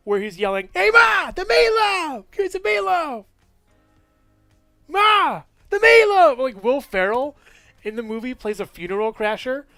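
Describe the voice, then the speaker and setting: A man's voice: high-pitched, dry recording. A man giving a casual, rambling movie review with lots of enthusiasm and frequent laughs.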